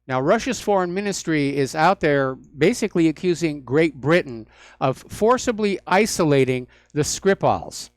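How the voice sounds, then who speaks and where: A man's voice: fairly high pitch, animated, moderate pace, no echo, studio quality. Sardonic male talk radio host. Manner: sardonic, mocking asides. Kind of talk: solo talk radio commentary. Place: radio studio.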